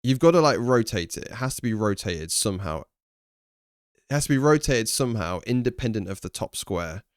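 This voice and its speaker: A man's voice: on the low side, expressive, a little fast, no echo, studio quality. A young English man streaming live, chatting casually with viewers, thinking aloud and swearing now and then. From England.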